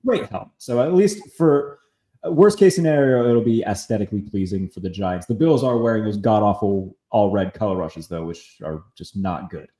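A man hosting a casual sports talk podcast, chatty, full of fillers and quick asides. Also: lowish voice, dark tone, roomy sound. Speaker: podcast host.

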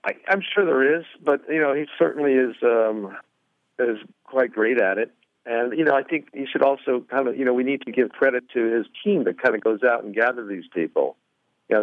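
A man's voice: medium pitch, no room sound. A middle-aged man, a comedian calling in as a guest, chatting easygoingly with lots of fillers over a phone line. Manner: easygoing, rambling with many fillers. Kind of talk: phone interview chat. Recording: tinny dry phone line.

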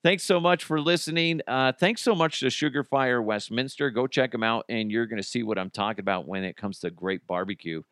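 A man's voice: mid-range voice, a little fast, hardly any pauses, no room sound, studio quality. Blunt, profane man hosting a podcast. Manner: animated, blunt and profane, with sarcastic asides. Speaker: podcast host. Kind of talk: casual solo podcast monologue.

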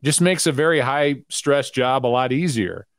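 A middle-aged man, a guest sportscaster, talking candidly in a casual podcast chat and telling stories with quick asides. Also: mid-range voice, no echo, clean studio sound.

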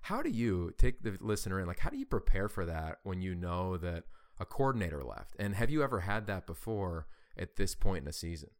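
A man co-hosting a college football talk show, speaking in an energetic, animated way. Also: deep voice, brisk. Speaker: college football show co-host, play-by-play announcer. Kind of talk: casual sports talk.

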